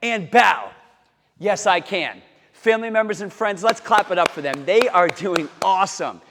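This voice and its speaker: Male martial arts teacher, high lively voice, cheery coaching, long reverb of a hall. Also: moderate pace, slight background noise. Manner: upbeat, encouraging, calls out chants and drills. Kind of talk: kids' karate lesson to camera.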